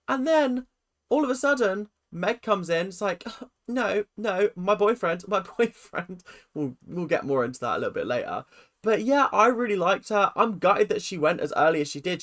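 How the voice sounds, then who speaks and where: A YouTube commentator ranking reality-show contestants in a ranting, sarcastic, animated way, with pitch that jumps up and down.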